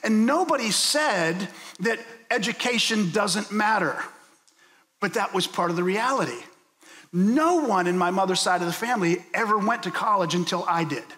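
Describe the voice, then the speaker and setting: A man's voice: sits high, lively intonation, normal speed, pushed and bright. A man from Pittsburgh preaching a sermon as pastor, telling stories and asking the listeners questions. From Pittsburgh, USA. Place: church sanctuary. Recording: long hall reverb.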